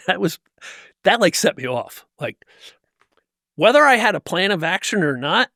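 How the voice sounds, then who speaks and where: A man's voice: high-pitched, sing-song, a little slow, creaky, pushed and bright, no echo, studio quality. A man from New Jersey, a guest in an interview, telling a personal story in an intense, emphatic way with frequent restarts. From New Jersey, USA. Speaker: guest, motivational speaker. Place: tent set used for a podcast.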